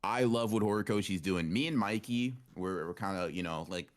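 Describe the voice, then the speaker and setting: A man with a very deep voice co-hosting a casual podcast. He talks in an animated way, often says things twice and swears loosely. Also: fairly quick. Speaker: podcast co-host. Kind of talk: casual chat.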